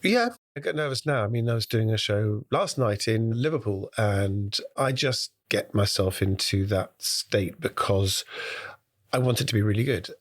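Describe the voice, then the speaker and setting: In a quick-moving conversational interview, a British man appearing as a guest impressionist shares stories and slips into impressions. His pitch is fairly low.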